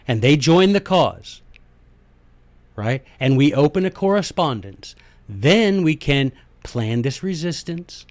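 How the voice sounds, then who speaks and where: A man hosting a podcast, giving a casual, animated lecture on history and politics and slipping into little skits. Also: medium pitch, no echo. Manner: animated, folksy, acts out little skits in voices. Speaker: podcast host.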